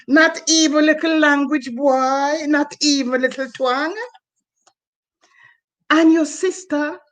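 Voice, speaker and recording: A woman's voice: high-pitched, voice pushed up. A woman with a Jamaican accent reciting dialect verse, voicing a parent who shames a son returned from abroad, over a video call. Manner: rhythmic, scolding dialect verse.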